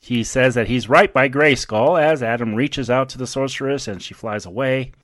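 A man's voice: mid-range voice, moderate pace, fairly bright tone, no room sound. A man casually recapping a movie scene by scene, chuckling often as he goes. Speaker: movie recap podcast host.

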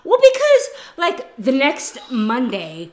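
A woman's voice: sits high, wildly swooping pitch, slow, darkish tone. A woman casually commenting on a movie as it plays, joking and swearing freely. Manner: joking, swears freely, mock-quotes the characters. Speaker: guest commentator.

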